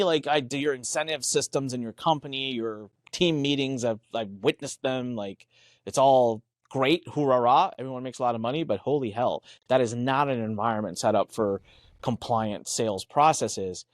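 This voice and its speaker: This podcast co-host has a medium-pitched voice and speaks at a normal speed, recorded cleanly in a studio with no echo. He's part of an animated business podcast, telling stories emphatically, voicing quoted dialogue, and swearing in a casual way.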